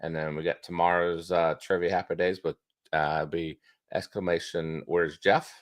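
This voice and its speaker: A man's voice: low voice, little pitch movement, moderate pace, dry recording, clean studio sound. A man co-hosting a casual live stream, chatting loosely with frequent restarts and filler words. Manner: rambling, restarts with many uhs. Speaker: co-host.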